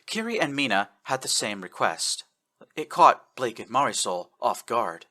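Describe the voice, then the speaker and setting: Bright, lively male narrator. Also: unhurried. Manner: expressive, shifts pitch for characters. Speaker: fanfiction audiobook reader. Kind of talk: scripted narration.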